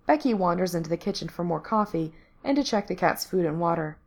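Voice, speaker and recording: A woman's voice: on the low side, animated, quick pace, hardly any pauses. Woman reading a story aloud. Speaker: narrator.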